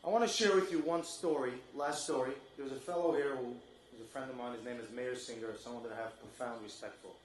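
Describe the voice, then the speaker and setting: A man giving an impassioned fundraising speech to an audience, building up to shouted appeals. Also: mid-range voice, fairly even intonation, quick pace, a little hiss or hum. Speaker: speaker at a charity fundraiser. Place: event room with an audience. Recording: echoey hall.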